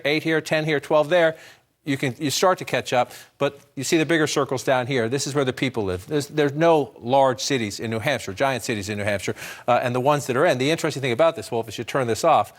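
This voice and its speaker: A man with a mid-range voice breaks down election-night results live at a map in a TV news studio. He talks briskly, thinking aloud and restarting quickly as he goes.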